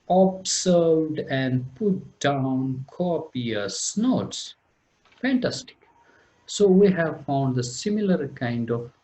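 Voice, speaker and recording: Slow, lively-pitched male teacher. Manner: explains step by step, repeats terms, clears throat; reads lines of verse slowly. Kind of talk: recorded poetry lecture.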